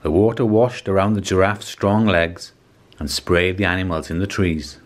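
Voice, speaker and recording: The reader is a man whose voice is low and deep, narrating a children's picture book. He tells the story calmly and deliberately, at a steady pace that suits little listeners.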